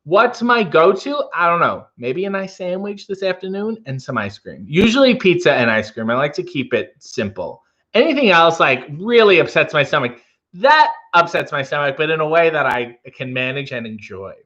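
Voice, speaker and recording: A man hosting a casual livestream, reading viewer comments aloud with wry, deadpan asides. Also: a little high, normal speed, lo-fi sound. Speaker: livestream host.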